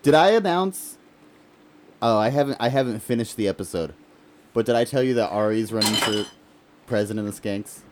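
A man co-hosting a casual podcast, laid-back, with quiet back-and-forth and dry jokes. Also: fairly low pitch, a little fast, long pauses, noisy background. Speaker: podcast co-host. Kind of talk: casual chat.

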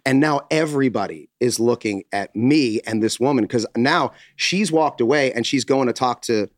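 Animated American man telling a story. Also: mid-range voice, moderate pace, no echo, clean studio sound. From United States. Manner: animated, acts out quotes, swears. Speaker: podcast host telling a story. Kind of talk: casual storytelling chat.

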